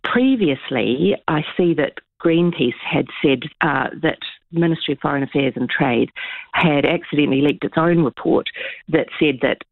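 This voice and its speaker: A woman guest on a radio interview, speaking in a measured, earnest way through a tinny, phone-like line. The sound is dry and close, with no room around it. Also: sits low, dry recording. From New Zealand. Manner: measured, earnest explaining with frequent ums. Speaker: political scientist guest.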